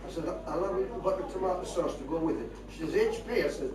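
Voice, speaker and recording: Racing and animated, a high-pitched older Geordie comic tells rambling stories to a live audience, his chatty tall tales carried by a broad northern lilt. The stage recording sounds distant and echoey, punctuated by the crowd's laughter.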